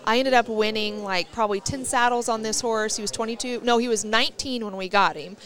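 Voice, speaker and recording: A woman's voice: on the high side, steady tone, a little fast, a bit bright. Chatty woman hosting a podcast. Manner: chatty, storytelling, enthusiastic. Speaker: podcast host. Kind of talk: casual interview chat. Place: rodeo arena event.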